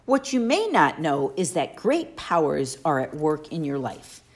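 A woman narrating a children's novel aloud, expressively and slowing down for emphasis. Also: deep voice, very animated. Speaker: audiobook reader. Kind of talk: storybook narration.

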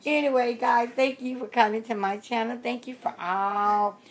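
A woman's voice: fairly high pitch, steady tone, moderate pace. Chatty woman in her sixties, rambling. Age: 60s. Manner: chatty, repeats herself, trails off with fillers. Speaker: reborn doll collector vlogger. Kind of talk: casual rambling vlog talk.

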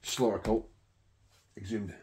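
A man's voice: fairly low pitch, fairly even intonation, takes it slowly, darkish tone, a little hiss or hum. A middle-aged man and record collector chatting casually to camera, rambling and swearing heavily with enthusiasm.

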